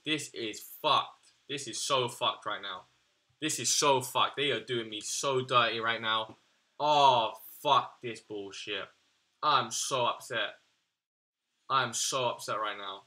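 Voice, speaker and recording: A man's voice: medium pitch, sharp tone. A young man giving casual, exasperated gaming commentary, swearing and slangy as he reacts. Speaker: gaming YouTuber.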